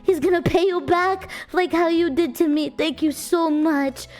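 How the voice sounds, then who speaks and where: A woman's voice: extremely high pitch, fairly even intonation, unhurried, darkish tone, faint music behind. A woman voicing a broke young man who is sobbing and pleading, choked-up and frantic. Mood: overjoyed, grateful.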